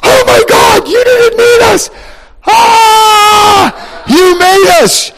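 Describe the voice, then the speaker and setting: A man voicing awestruck many-eyed heavenly creatures, shouting and crying out in awe, very high. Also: steady tone, extremely slow, crowd noise, exaggerated voice, rough recording.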